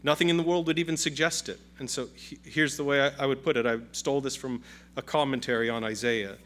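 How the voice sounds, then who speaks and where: A man's voice: medium pitch, fairly even intonation, fast talker, fairly bright tone. A male pastor preaching a sermon with an emphatic, repetitive cadence.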